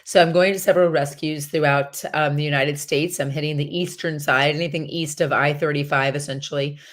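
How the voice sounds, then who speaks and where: A woman's voice: sits low, steady tone, brisk. A woman talking casually on her daily livestream, rambling with lots of fillers and sounding enthusiastic. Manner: chatty and rambling, with many fillers; enthusiastic and upbeat. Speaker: horse rescue trainer and vlogger.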